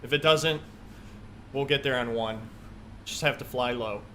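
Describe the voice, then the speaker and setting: A man's voice: mid-range voice, unhurried, pushed and bright, slight background noise. A man live-streaming a flight simulator, chatting casually and thinking aloud as he works through checklists.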